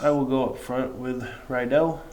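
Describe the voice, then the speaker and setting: A man's voice: medium pitch, steady tone, normal speed, a little mellow, echoey room, a little hiss or hum, low-quality recording. A man playing a tabletop game, playful and easily amused. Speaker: player. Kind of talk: casual tabletop play.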